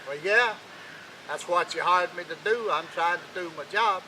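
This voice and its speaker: Brief: storyteller as a young farmhand, drawl, plain-spoken, slightly high, bright tone. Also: male voice, moderate pace, slight background noise, low-quality recording. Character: hungry hard-working young farmhand.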